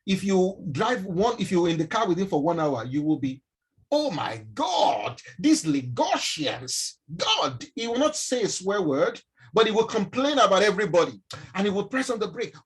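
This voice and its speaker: A man with a Nigerian accent gives an animated mentoring talk on a live stream and often asks his listeners questions. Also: sits high, fairly quick, breathy edge, rough recording. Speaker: mentor speaking to young people.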